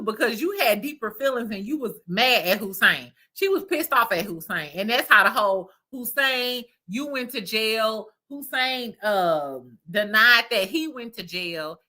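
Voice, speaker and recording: A woman's voice: on the high side, bright, forceful tone. A woman hosting a casual reality TV recap, with profane, laughing gossip. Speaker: host. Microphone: streaming mic.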